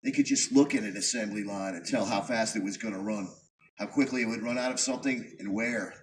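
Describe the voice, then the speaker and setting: A man from New York reading his own poems at a live show, in a dry, wry storytelling manner with punchy pauses. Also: lowish voice, slight background noise. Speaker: performance poet. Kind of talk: live spoken-word poetry reading. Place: live venue before an audience. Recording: distant mic, faint room ambience.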